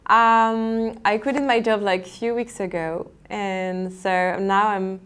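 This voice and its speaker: A woman in her twenties from France, speaking English with a French accent as her second language, chatting casually and excitedly in an unboxing vlog, often laughing and repeating herself. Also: medium pitch, takes it slowly, clean tone. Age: 20s. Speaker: vlogger.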